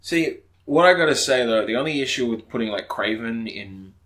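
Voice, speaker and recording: A man's voice: mid-range voice, animated, normal speed, fairly bright tone. A man co-hosting a podcast in casual chat, rambling and enthusiastic, with frequent restarts and casual swearing. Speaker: podcast co-host.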